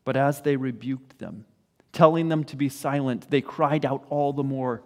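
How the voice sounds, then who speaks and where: A man's voice: medium pitch, fairly even intonation, moderate pace, darkish tone. A man preaching a sermon in an earnest way, often putting questions to his listeners. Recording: echoey hall.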